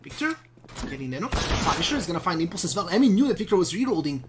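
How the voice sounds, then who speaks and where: A young woman giving chatty, excitable play-by-play commentary on an esports match, often repeating herself. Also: fairly low pitch, fast. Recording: steady background noise with clicks.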